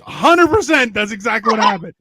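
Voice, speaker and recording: High-pitched man, profane rambling storyteller, casual chat co-host. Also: very animated, over music. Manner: rambling, profane, halting with restarts. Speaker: podcast co-host.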